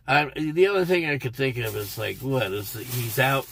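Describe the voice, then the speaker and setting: A man's voice: medium pitch, measured pace, vocal fry, fairly bright tone. A man telling a rambling, profane story on a casual livestream from inside his car. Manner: profane, rambling and irritated, heavy swearing. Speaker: livestream host.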